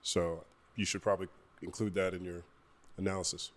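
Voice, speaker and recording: A man on a podcast teasing his co-host in a dry, deadpan way. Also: deep voice, fairly quick. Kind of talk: casual podcast chat.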